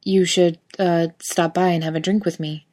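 A woman's voice: on the low side, little pitch movement, normal speed, darkish tone, close to an everyday voice. A woman reading aloud, voicing a nervous, smitten young office worker who talks in a flustered, self-conscious way. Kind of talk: audiobook fiction reading.

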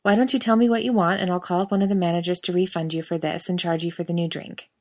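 A woman's voice: fairly low pitch, steady tone, fast, a little mellow. A woman voicing a worn-out young male barista with strained, forced politeness. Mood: strained polite.

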